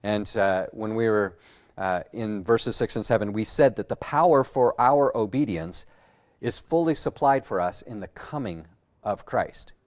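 A man, a pastor, preaching a sermon in a conversational way, often pausing on "uh" and restarting phrases. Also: lowish voice. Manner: conversational, with frequent "uh" fillers and restarts.

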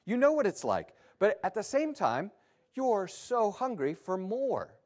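A man preaching a sermon as pastor, animated and emphatic, with sudden rises and drops in his delivery. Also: sits high, a little slow.

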